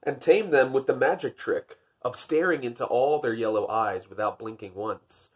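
A man with a husky, medium-pitched voice reads a picture book aloud at a moderate pace. Between pages he drops in dry, wry jokes at his own expense.

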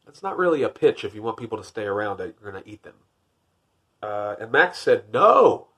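A man reading a picture book aloud, lifting his voice for the narration and dropping to wry, deadpan jokes in between. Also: brisk, slightly rough. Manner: wry, deadpan joking asides; rises for narration, drops low for asides. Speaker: podcast host.

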